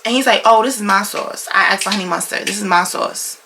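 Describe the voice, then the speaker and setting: Gravelly young woman telling a storytime. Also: medium pitch, a little fast, hardly any pauses, a little hiss or hum. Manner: animated, slangy storytelling with lots of swearing. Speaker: vlogger. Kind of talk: casual storytime vlog.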